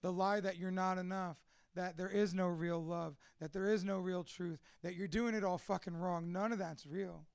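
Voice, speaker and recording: A man's voice: high voice, steady tone, normal speed, creaky, few pauses, smooth, no room sound, studio quality. A man from a Cuban family, a father of two, telling his life story in a candid, profane, emotional monologue. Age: adult with two children.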